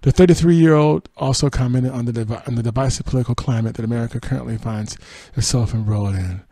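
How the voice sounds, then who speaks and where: Gravelly, husky man reading celebrity news. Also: medium pitch, fast talker, mellow, no echo. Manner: reads quotes then adds dry sarcastic asides and laughs. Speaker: podcast host. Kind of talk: reading entertainment news with asides.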